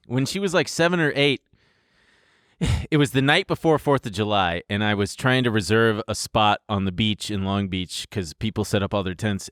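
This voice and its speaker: A man's voice: mid-range voice, a bit bright, clear, resonant tone, no room sound, studio quality. A man co-hosting a podcast in casual chat, with wry, teasing banter. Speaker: podcast co-host.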